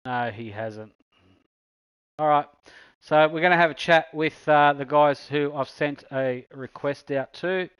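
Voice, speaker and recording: A man hosts an online racing league and chats casually with drivers, full of fillers and easy matey talk. His voice is smooth and clear and sits a little high. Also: measured pace, no room sound, dull audio. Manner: chatty, matey, many fillers. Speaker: esports league host. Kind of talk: casual post-race commentary and chat.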